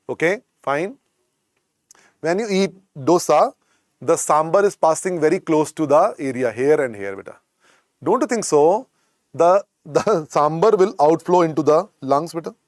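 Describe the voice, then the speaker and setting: A man with an Indian accent lectures on medicine, drilling each point through emphatic repetition. His voice sits fairly high for a man, and the sound is close and dry with no room echo. He addresses his students fondly as "beta". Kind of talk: exam-prep lecture.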